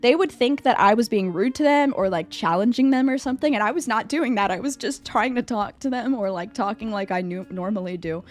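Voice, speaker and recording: A young woman streaming live, chatting casually with her chat and answering a quiz about herself, animated and at times breaking into loud high squeals. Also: brisk, few pauses. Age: young adult. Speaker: VTuber streamer.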